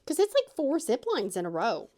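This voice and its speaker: A middle-aged woman with a fairly high voice tells a story in a casual, chatty way. Her pitch swings widely as she acts out the people she quotes, and at times her voice goes squeaky and shrill. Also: huge pitch swings, moderate pace, dark tone. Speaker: craft channel host.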